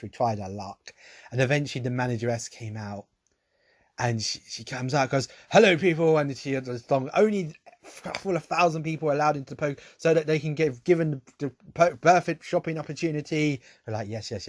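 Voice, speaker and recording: A young man telling a rambling story to camera, laughing often and trailing off quietly. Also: medium pitch, no room sound, studio quality. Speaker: vlogger.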